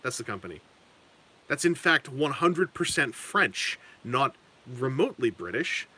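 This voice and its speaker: Male streamer, lively up-and-down delivery, chatty and meandering while he paints. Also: medium pitch, measured pace, slightly rough. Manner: rambling, self-correcting, chuckling asides. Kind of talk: casual live-stream chat.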